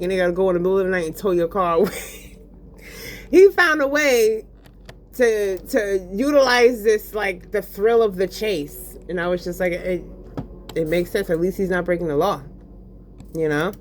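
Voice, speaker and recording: A woman ranting casually while gaming, profane and animated, full of fillers. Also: medium pitch, moderate pace, a little hiss or hum. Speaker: vlogger.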